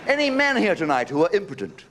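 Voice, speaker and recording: Performing live stand-up at a show venue, a male comedian tells cheeky stories and tosses asides to the audience. He has a high voice with huge pitch swings and a quick pace. The stage recording is noisy.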